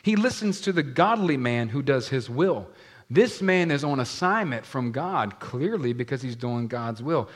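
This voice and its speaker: A man's voice: mid-range voice, a little slow. A man preaching a sermon to a congregation, acting out the voices in the scripture story and asking the room questions. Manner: animated, acts out scripture voices, talks to the congregation. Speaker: pastor.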